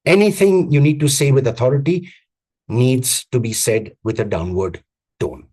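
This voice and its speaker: A man giving a live online coaching talk on vocal presence, speaking emphatically with repeated phrases and deliberate pauses. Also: mid-range voice, warm tone. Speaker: communications coach. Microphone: video call.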